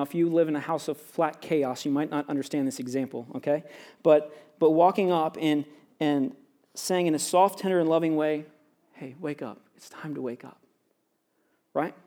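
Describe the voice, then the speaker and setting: Male pastor with a high voice, chatty sermon delivery that checks in with the room. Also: mellow. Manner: conversational, peppered with "right?" and "like".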